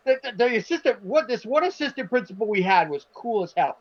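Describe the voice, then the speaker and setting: A man with a high voice spins a long anecdote in casual podcast chat. He is animated and foul-mouthed, slipping into the voices of the people he quotes. The sound is dull and lo-fi. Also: a little fast. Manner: animated, acts out quotes, swears. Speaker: podcast co-host. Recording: dull lo-fi stream audio.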